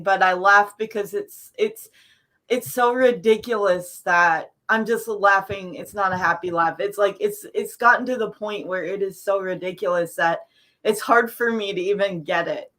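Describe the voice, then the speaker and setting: A woman's voice: mid-range voice, pushed and bright. A woman on a casual commentary panel, sarcastic, laughing often and restarting her words. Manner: sarcastic, laughing, repeats herself. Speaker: panel guest.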